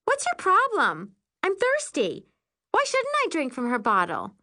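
A woman voicing a grumpy young girl camper who whines and grumbles in a shrill voice. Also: big pitch swings, a little slow, pushed and bright, full character voice. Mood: grumbling.

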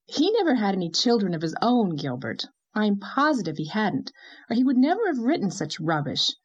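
A woman reads a doting young mother who coos baby talk, her voice lifted high and sing-song. The storybook figure gushes with fond tenderness. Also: very animated, moderate pace, breathy edge, highs cut off. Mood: playfully defiant.

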